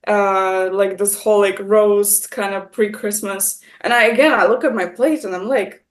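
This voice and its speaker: A woman's voice: medium pitch, steady tone, moderate pace, hardly any pauses. An Estonian woman with an accent between American and British English, chatting animatedly as a guest and using many fillers. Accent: mix of American and British English. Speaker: guest, content creator. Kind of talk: casual conversation.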